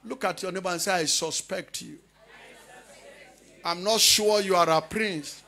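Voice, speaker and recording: High-voiced shouting preacher. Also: male voice, unhurried. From Nigeria. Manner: loud preaching with frequent shouting. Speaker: pastor. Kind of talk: charismatic sermon.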